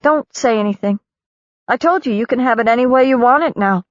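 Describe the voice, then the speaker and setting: A woman narrator voicing a weary middle-aged mother, gentle and firm, on a dull lo-fi recording. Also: a little high, brisk, no room sound, pitched above the performer's own voice, natural voice.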